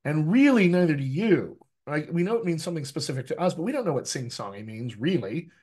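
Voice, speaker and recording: A man with an American accent, a dialect coach giving a lively, teacherly talk to actors over a video call, often checking in with "right?". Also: on the high side, quick pace, slightly rough. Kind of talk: live online coaching talk.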